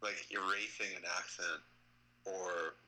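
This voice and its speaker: A man being interviewed as a guest, answering in a relaxed, thoughtful way with many hesitations over a video call. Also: deep voice, takes it slowly, low-quality recording. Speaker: guest, storyboard artist. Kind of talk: casual interview chat.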